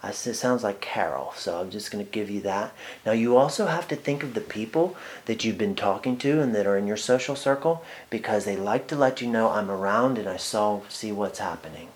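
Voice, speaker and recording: Male medium, lowish voice, halting delivery full of ums and restarts during a sitter reading. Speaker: psychic medium. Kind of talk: one-on-one spirit reading.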